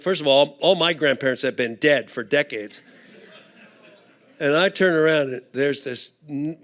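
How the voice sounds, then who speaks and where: A middle-aged man speaking at a conference, telling a funny story and acting out the voices in it. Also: on the high side. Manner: animated storyteller, acts out voices. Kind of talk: humorous storytelling talk.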